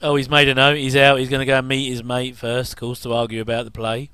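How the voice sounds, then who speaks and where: A man talks loosely through a casual commentary, drifting between remarks and little chuckles. His voice is smooth and clear at a middling pitch. The sound is dry and close, with no room around it. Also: monotone, fast, bright, forceful tone, dry recording. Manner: rambling, chuckling asides.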